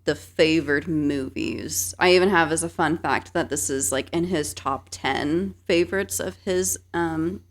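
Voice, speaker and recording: A woman's voice: deep voice, a little slow, hardly any pauses. A woman co-hosting a podcast in casual chat, chatty and laughing easily, with lots of fillers. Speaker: podcast co-host.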